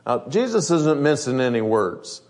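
A male preacher giving a sermon, reading scripture aloud and explaining it in plain conversational words, slowing down to stress his points. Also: medium pitch, very animated, darkish tone.

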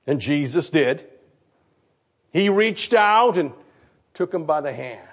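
Pastor, male, slightly high voice, lively sermon full of questions to the congregation, muffled lo-fi recording. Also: slow, pauses often, breathy edge. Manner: animated, questions the congregation, acts out quotes. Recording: dull lo-fi recording.

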